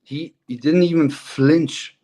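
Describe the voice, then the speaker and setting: A man's voice: on the high side, slow pace. A middle-aged man, a former hockey player talking as a guest in a casual, rambling interview. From Germany. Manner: relaxed, rambling, laughs easily.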